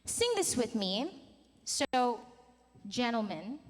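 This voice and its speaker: Woman vocal coach, high bright-toned voice, animated and encouraging, reverberant conference hall. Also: takes it slowly, noisy background. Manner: animated, demonstrates vocal sounds and coaxes the group. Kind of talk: workshop teaching with sung demonstrations.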